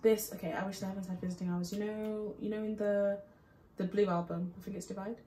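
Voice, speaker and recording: Soft-spoken young British woman, rambling. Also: mid-range voice, flat delivery, quick pace. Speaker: reaction co-host. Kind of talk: casual music reaction chat. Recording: roomy with faint noise.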